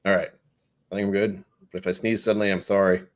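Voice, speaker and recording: A man's voice: low voice, little pitch movement, fast talker. A man with a New England accent hosting a whiskey live stream, chatting, easily distracted and joking at his own expense. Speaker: whiskey channel host.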